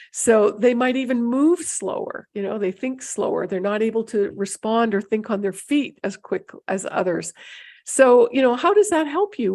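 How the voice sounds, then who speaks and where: A woman's voice: medium pitch, darkish tone. Rambling middle-aged woman teaching intuition. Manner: meandering, restarts with many fillers. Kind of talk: unscripted teaching monologue.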